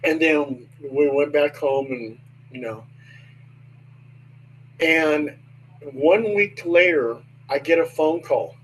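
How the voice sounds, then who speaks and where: An older man, a guest, slowly recounting a personal story in a hesitant way with many pauses. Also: fairly high pitch, a little hiss or hum, rough recording. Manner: slow, hesitant with many ums. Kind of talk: storytelling in casual conversation.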